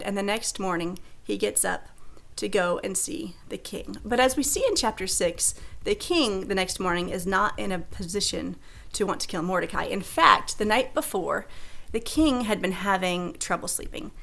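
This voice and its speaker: A woman's voice: mid-range voice, vocal fry, fairly bright tone. A woman teaching a recorded Sunday school lesson, retelling scripture in a conversational storytelling way.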